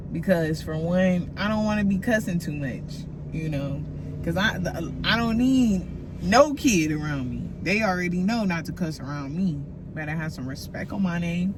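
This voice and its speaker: Her voice is on the low side, recorded against a noisy background, as this woman tells stories on her casual solo podcast. She uses loose slang and laughs a lot.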